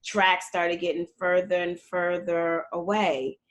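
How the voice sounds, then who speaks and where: A middle-aged woman telling her story as a guest in a casual interview, lively and acting out the people she quotes. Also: slow. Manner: animated, acts out quotes with big jumps in pitch. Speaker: guest, performer and fitness trainer.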